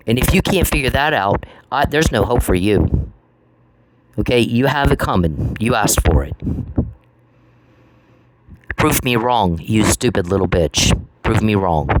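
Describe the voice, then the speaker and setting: A man delivering an angry solo monologue, confrontational and profane, repeating phrases for emphasis. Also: on the low side. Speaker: channel host. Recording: noisy recording with clicks.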